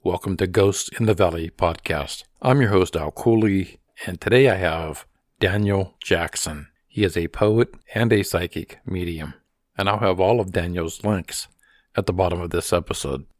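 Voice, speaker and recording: A man hosting a podcast interview, hoarse and losing his voice, talking in a halting way and repeating words. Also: low voice, no room sound, clean studio sound. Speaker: podcast host.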